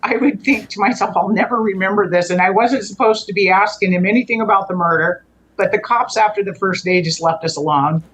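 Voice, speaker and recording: A woman's voice: medium pitch, brisk, fairly bright tone, slightly rough, rough recording. A woman, a guest on the show, telling a long personal story in earnest conversational style, restarting and correcting herself often. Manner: rambling, frequent restarts and self-corrections.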